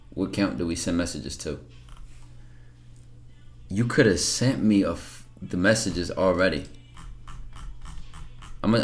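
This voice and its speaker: Male streamer, lowish voice, blunt and salty, commentary-style rant to chat. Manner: blunt, profane, lecturing. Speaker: streamer reacting to viewer messages. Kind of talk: casual livestream commentary.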